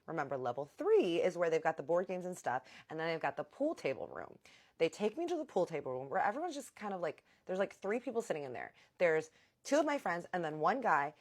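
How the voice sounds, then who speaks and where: A woman with a low-pitched voice tells a wild personal story to her viewers. Her pitch leaps and drops with the drama as she builds each moment. She talks casually and theatrically, speaking straight to the audience. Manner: animated, dramatic, addresses viewers directly.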